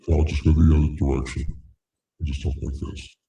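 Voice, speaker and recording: A man hosting a livestream, joking casually through a deep pitch-down voice effect. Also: flat delivery, vocal fry, warm tone, roomy sound, far from the mic. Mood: goofy. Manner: joking, rapid. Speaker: livestream host. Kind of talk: casual chat.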